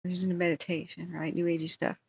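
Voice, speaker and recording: A woman's voice: on the low side, brisk, vocal fry, dull audio, slight background noise. A woman hosting a livestream, telling a long story in a casual, rambling way and breaking off for asides. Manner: rambling, animated retelling with asides. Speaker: livestream host.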